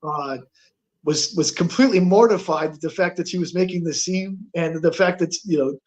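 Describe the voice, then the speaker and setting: A man telling a ghost story as a guest on a paranormal talk show, halting, with many fillers and restarts. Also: a little high.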